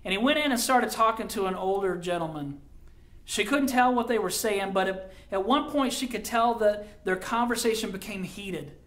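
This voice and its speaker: A middle-aged man, a pastor, telling a story in a sermon, dramatic and dropping quiet for quoted lines. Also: high-pitched, normal speed.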